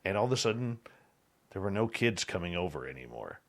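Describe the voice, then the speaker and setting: A man's voice: sits low, very animated, fairly quick. A man hosting a late-night radio talk show, asking questions and chatting agreeably with his guest. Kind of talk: interview host.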